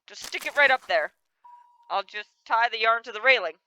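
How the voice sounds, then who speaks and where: Expressive young woman gaming, lively pitch. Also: normal speed, slight background noise, rough recording. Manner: expressive, exasperated, laughs often. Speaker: gamer. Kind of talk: let's play commentary.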